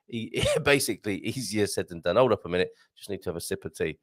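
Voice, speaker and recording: Man, easygoing live-stream host, animated delivery, reads chat aloud. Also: low-pitched. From Britain. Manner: chatty, rambling, chuckles often, reads comments aloud, tries Portuguese phrases slowly. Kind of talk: casual live-stream chat reading viewer comments. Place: home studio with green screen.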